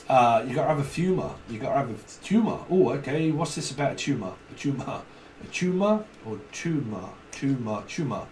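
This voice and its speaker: A man giving a rambling, repetitive solo tarot reading, with digressions and joking asides. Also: medium pitch. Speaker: tarot reader. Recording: roomy, distant mic, faint hiss.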